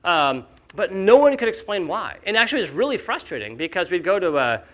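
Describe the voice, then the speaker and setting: A man speaking casually at a conference, animated and full of fillers, acting out the skeptics he quotes. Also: high-pitched, brisk. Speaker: company founder speaking at a conference.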